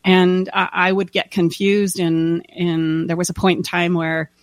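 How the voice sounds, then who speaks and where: A woman's voice: lowish voice, level tone, measured pace, dry recording. A woman coach in a casual conversation, speaking heartfelt and acting out quoted voices.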